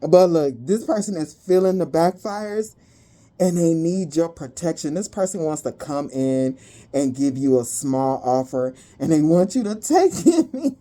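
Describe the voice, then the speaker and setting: A woman's voice: low voice, animated, unhurried, dark tone. A woman giving a casual spiritual reading to her viewers, chatty and profane and prone to giggling. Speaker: spiritual card reader.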